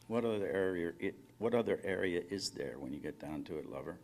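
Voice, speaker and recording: Guy reading a guarded phone-sex operator lady, clipped and evasive, low voice. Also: expressive, brisk, a little mellow. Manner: curt, coolly evasive. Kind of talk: live fiction reading.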